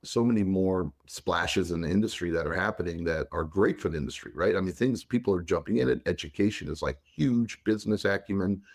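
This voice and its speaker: A man co-hosting a podcast, chatting casually and telling long, animated, teasing stories. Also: low voice, a little fast, few pauses. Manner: animated, rambling storyteller, teasing. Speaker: podcast co-host. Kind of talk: casual chat.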